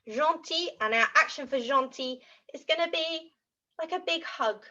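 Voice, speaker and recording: A woman leads young children through new words, her voice bright and bouncing widely in pitch. She speaks slowly and in a sing-song way, modeling each word for the children to repeat. The recording sounds a little dull and lo-fi. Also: very animated. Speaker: children's French teacher. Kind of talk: lively teaching for young children. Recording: dull lo-fi audio.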